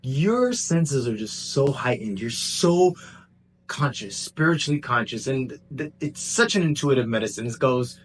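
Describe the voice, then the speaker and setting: A man telling a personal story in a casual, animated way, jumping between excited bursts and hushed asides. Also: medium pitch, a little slow. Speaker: vlogger.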